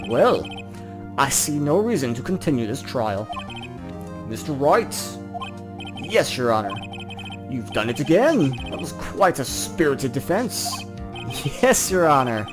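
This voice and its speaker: A let's player reads a courtroom game's dialogue aloud, voicing each character in turn and throwing in quick asides. The voice is mid-range and sing-song, with game music playing in the background.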